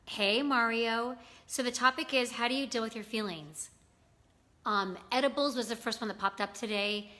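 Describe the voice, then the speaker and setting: Bright-voiced woman hosting a chatty live stream. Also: a little high, normal speed. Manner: chatty, greets viewers by name, many fillers. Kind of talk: casual live-stream chat reading comments.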